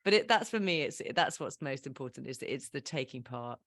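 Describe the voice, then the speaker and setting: A woman in her fifties, a podcast guest telling stories in a casual interview, animated and laughing often at her own mishaps. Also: very deep voice, fairly quick, no room sound, studio quality. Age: 50s.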